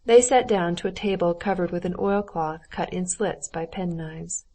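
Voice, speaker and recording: A woman narrating a classic novel audiobook in a steady, even reading style. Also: fairly low pitch, moderate pace. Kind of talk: scripted narration.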